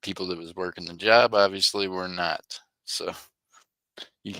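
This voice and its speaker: A man's voice: deep voice, steady tone, normal speed, bright, forceful tone, clean tone, dry recording. A man hosting a casual live stream, chatting with viewers by name in rambling, joking, slangy banter and laughing often. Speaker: livestream host.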